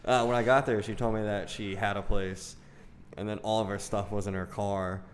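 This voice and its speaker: A man's voice: lowish voice, flat delivery, moderate pace, a little hiss or hum. A young man casually telling a crude story, peppered with "dude" and "like". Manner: crude, laid-back storytelling with lots of "dude" and "like". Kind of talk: casual chat.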